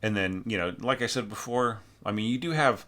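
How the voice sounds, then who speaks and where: A man with a very low voice goes through a student's score in a loose, thinking-aloud way. He stumbles and corrects himself often and sings melodic fragments on nonsense syllables to make his points. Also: a little fast, pushed and bright. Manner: frequent fillers and self-corrections. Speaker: orchestration teacher. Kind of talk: score critique.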